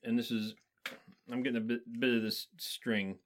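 A man's voice: medium pitch, fairly even intonation, moderate pace. A man in casual chat, joking and chatty while tasting candy.

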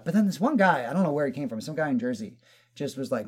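A man telling stories in casual chat, animated and profane, acting out other people's lines. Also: fairly high pitch, fast. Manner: animated storyteller, swears, acts out quotes.

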